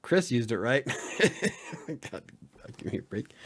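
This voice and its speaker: A man's voice: medium pitch, very animated, slow pace, long pauses, husky. A man hosting a casual live-stream podcast, joking around and laughing often as he answers the chat. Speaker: podcast host; editor.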